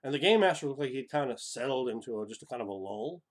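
A man hosting a tabletop role-playing channel, talking in a profane, animated monologue that swings from loud bursts to hushed whispers. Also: medium pitch, quick pace. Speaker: tabletop RPG channel host. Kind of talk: excited casual monologue.

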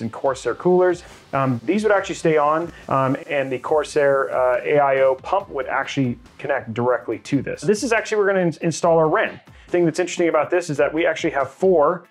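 His fairly high-pitched voice carries an energetic, chatty walkthrough as a tech channel host, with fillers and fast asides sprinkled through each step of the hands-on tutorial.

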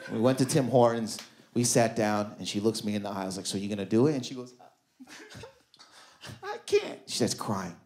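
A man in his thirties doing a stand-up comedy set in a club, loose and conversational, throwing quick asides to the crowd. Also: on the low side, fairly even intonation, darkish tone. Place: comedy club stage before a live audience.

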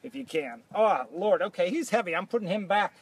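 A man's voice: high-pitched, lively intonation, a little fast, a little hiss or hum. A man co-hosting a live reptile stream, joking and teasing while handling animals. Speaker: co-host of a reptile show livestream. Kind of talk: casual banter on a live stream.

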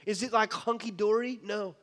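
A man's voice: high voice, fairly even intonation, normal speed, fairly bright tone. A man preaching a sermon as pastor, impassioned and conversational, with frequent restarts. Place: church sanctuary. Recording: church hall reverb.

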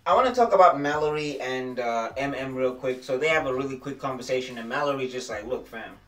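A man casually reviewing a TV episode in a vlog, excitable and slangy, often repeating phrases. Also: mid-range voice, fast talker. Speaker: TV show reviewer. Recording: roomy echo, distant mic, faint music.

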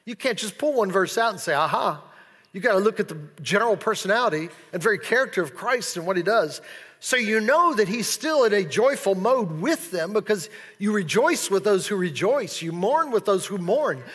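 A high, bright male pastor preaching in a big church, lively and playful as he acts out whoops and asides. His voice rings with a long hall reverb. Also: brisk, slightly rough. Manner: animated, playful preaching with acted-out exclamations. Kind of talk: sermon.

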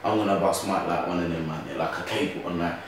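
Echoey young London man, animated talk. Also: low-pitched, fast, slight background noise. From Britain. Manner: animated, keeps asking "you get what I'm saying?". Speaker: grime MC guest. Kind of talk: casual interview chat. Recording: roomy echo from a distant mic.

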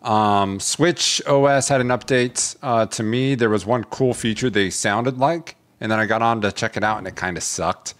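A man's voice: on the low side, normal speed, few pauses, fairly bright tone. A man co-hosting a gaming podcast in casual chat, with a dry, wry delivery. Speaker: podcast co-host.

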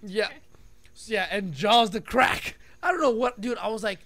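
A high-pitched man speaks at normal speed against slight background noise. He's a podcast co-host telling a story in casual chat, animated throughout and laughing at his own stories.

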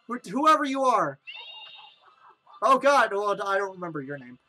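A woman's voice: mid-range voice, takes it slowly, long pauses, faint music behind. A young woman giving joking, dramatic let's-play commentary on a video game. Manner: excitable, joking, dramatic reactions.

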